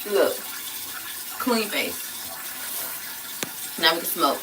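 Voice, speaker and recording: A woman's voice: sing-song, drawn-out words, a bit bright, slight background noise. A woman hosting a casual livestream at home, chatting through her skincare routine, reading viewer comments aloud and laughing often. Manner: laughs often, bursts into high squeals. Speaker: livestream host.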